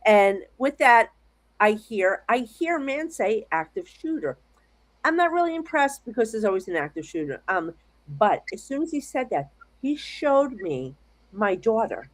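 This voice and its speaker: Animated, rambling American woman storyteller. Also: fairly high pitch, moderate pace. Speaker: psychic medium guest. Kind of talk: casual interview chat. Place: home office at her desk.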